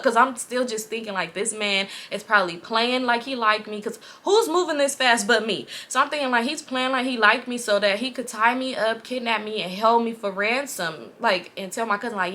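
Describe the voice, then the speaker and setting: Bright, animated young woman vlogger. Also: a little high, brisk, hardly any pauses. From California. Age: 20s. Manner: animated, profane, quoting others. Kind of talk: storytime vlog.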